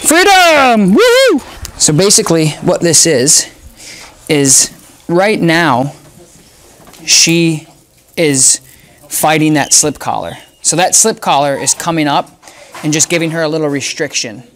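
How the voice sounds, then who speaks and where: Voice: mid-range voice, unhurried, pauses often, slight background noise. Casting: a dog trainer, casual and emphatic, talks in repeated punchy phrases. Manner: talks to the dog in soft whispers between explanations. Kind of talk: casual instructional talk.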